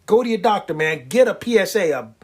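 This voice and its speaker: Husky man, animated comic storyteller. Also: high-pitched, fast talker. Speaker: comedian and prostate cancer survivor. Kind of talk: stand-up comedy monologue.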